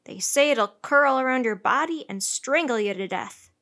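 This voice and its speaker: A woman reading aloud does a jumpy male sailor from a children's sea story. He talks in old-fashioned seaman's speech and loves a scary tale. Her voice rises and pushes louder than her plain reading. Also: high voice, animated, moderate pace. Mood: ominous. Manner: ominous sailor talk, with old-fashioned "lad" and "'tis". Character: jittery male sailor spinning scary tales.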